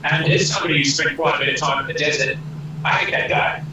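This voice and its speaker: A man's voice: fairly high pitch, steady tone, fast talker, noisy background. A man player bantering wryly at a tabletop game. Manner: wry, bantering. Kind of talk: casual tabletop game chat. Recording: roomy, distant mic.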